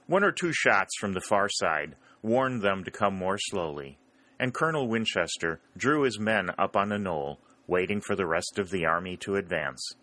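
A man narrating a historical novel in a steady, plain reading style. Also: low-pitched, moderate pace, no room sound. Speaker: audiobook narrator. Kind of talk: storybook narration.

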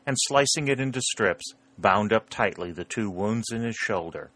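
A man reading a historical novel aloud as an audiobook narrator, in a measured storytelling delivery. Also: deep voice, a bit bright, dry recording.

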